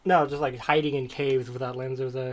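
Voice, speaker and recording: A man's voice: medium pitch, flat delivery, fairly quick. A man co-hosting a podcast, chatting casually and rambling from one topic to the next. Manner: rambling, digressive storytelling. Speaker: podcast co-host. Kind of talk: casual chat.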